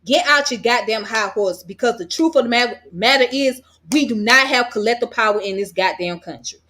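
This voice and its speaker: A woman's voice: a little high, a little fast, sharp tone. An American woman vlogger delivering a heated commentary rant, blunt and profane, hammering her points with repetition. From United States.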